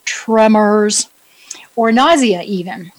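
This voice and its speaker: A woman's voice: mid-range voice, takes it slowly, rough recording. A woman with a New England accent giving a chatty, upbeat wellness talk to her listeners, joking about herself and asking them questions. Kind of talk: casual solo talk to listeners.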